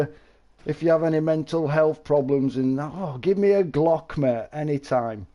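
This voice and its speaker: A man live-streaming, chatting casually with viewers, rambling and laughing, with exaggerated shouted sound effects. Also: fairly high pitch, normal speed.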